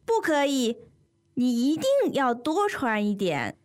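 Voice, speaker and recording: A woman voicing a parent who firmly insists that a child dress warmly, in a scripted language-lesson dialogue. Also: on the high side, big pitch swings, measured pace. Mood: insistent. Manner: firm and insistent.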